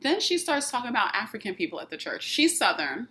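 A woman's voice: fairly high pitch, fast, a crowd in the background. A young woman co-hosting a podcast, telling stories animatedly and acting out what people said. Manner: animated, laughing, acts out quotes. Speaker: podcast co-host. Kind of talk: casual storytelling chat.

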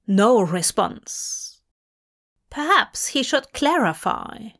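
A woman reading a fanfiction story aloud in measured, gently wry scripted narration. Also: sits high, big pitch swings. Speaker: podfic reader.

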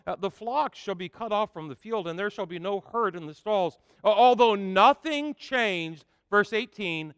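A man preaching in a church, his voice high, bright and crisp. He reads scripture with rising emphasis and fills pauses with frequent "uh"s, and the dry close sound carries a long hall reverb behind it. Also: lively intonation. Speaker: pastor. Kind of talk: sermon.

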